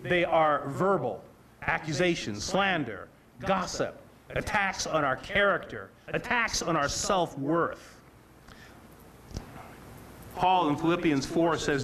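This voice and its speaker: A man preaching to a listening congregation, his voice pitched high and rising and falling a great deal. He takes his time, speaking slowly and deliberately. He presses his points with emphasis and often repeats or restarts his phrases. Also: animated, crowd noise. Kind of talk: sermon.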